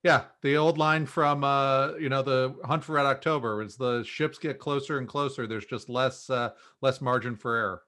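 A male panel guest with a middle-pitched voice. He talks in a thoughtful, slightly hesitant way, pausing as he works out his points. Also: fairly even intonation, bright, forceful tone. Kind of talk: casual panel discussion.

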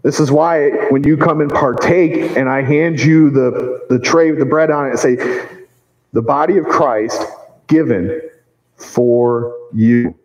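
A male pastor delivering a sermon in a church, earnest and measured, with slow emphatic phrases. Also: on the high side, fairly even intonation, roomy sound, big-room sound, low-quality recording.

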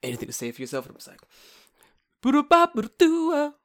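A man's voice: mid-range voice, completely flat delivery, rapid-fire. Brief: young male host, loose banter, swears freely, always joking. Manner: profane, joking, laughs often. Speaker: podcast host. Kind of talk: casual chat.

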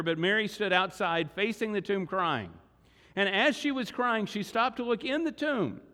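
High-voiced man preaching in a reverberant hall. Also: a bit bright. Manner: dramatic retelling with acted quotes, slowing for emphasis. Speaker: pastor. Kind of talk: sermon. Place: church sanctuary.

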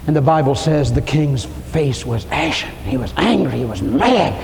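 A man's voice: medium pitch, expressive, normal speed, creaky, a crowd in the background. Man preaching a sermon in a big hall. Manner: storytelling, rising to impassioned preaching with shouts and hushed whispers. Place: church sanctuary. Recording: reverberant hall, faint room noise.

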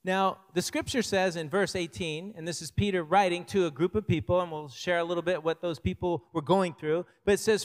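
A man's voice: sits high, fairly even intonation, brisk, few pauses, long reverb tail. An older man preaching a sermon as pastor, in a conversational way, with personal stories.

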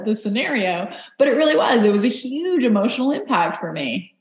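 A woman interview guest, an Army reservist, telling stories in an earnest, animated way and acting out quoted voices. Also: mid-range voice, brisk, roomy sound. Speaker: podcast guest, Army Ranger. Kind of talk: conversational interview.

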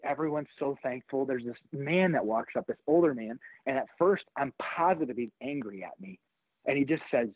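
A middle-aged man, a pastor and author, telling a personal story in an interview with animated energy, acting out the voices of the people in it. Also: medium pitch, dry recording. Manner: animated, acts out quoted voices. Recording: tinny phone-like line.

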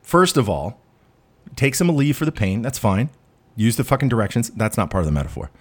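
A man's voice: medium pitch, sing-song, fairly quick. A man hosting a podcast, delivering a profane, self-deprecating rant. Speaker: podcast host.

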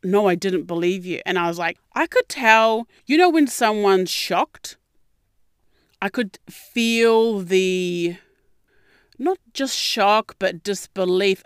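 A young adult woman, hosting a podcast and telling a personal story in a candid, expressive way, swearing freely and acting out quotes. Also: mid-range voice, slow pace, clear, resonant tone, dry recording, studio quality. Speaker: podcast host. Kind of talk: casual storytelling monologue.

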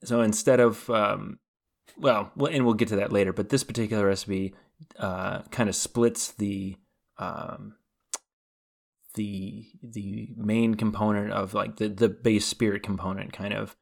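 A man's voice: lowish voice, fairly even intonation, a little slow, gravelly. A man co-hosting a podcast, talking casually and rambling with many fillers and restarts. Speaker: podcast co-host. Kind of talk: casual chat.

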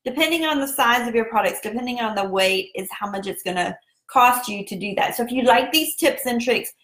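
Chatty Southern woman, high voice. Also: fairly quick, fairly bright tone, echoey room. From South Carolina. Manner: chatty, addresses viewers directly. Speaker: online business coach. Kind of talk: casual Facebook Live talk.

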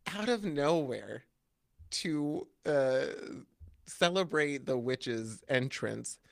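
A man chatting casually on a podcast, telling a story in an animated way, acting out quotes in high voices and laughing often. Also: very slow, gravelly, no echo, studio quality. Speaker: podcast co-host. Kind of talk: casual chat.

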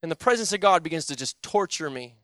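A young man delivers a sermon in a high, clear voice, recorded close and dry. He swings between loud, urgent pleading and low, hushed intensity as he speaks to the room. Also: animated, fast, no echo. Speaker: preacher. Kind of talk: sermon with personal testimony.

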